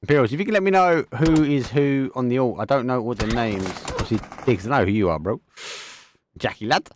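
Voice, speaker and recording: A young man with an Essex accent giving live esports game commentary, excitable, with quick bursts and casual slang. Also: mid-range voice, slight background noise. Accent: Essex English. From England, Essex. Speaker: esports caster.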